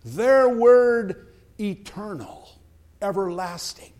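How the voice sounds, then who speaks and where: A man delivering a sermon in a high voice. He speaks slowly and deliberately, leaning on repeated phrases for emphasis. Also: expressive, darkish tone. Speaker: preacher.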